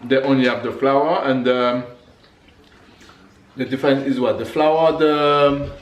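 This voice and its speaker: A man's voice: medium pitch, fairly even intonation, measured pace. A man bantering with his wife in their home kitchen, teasing and joking, laughing often. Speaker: vlog co-host, husband. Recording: echoey kitchen, faint noise.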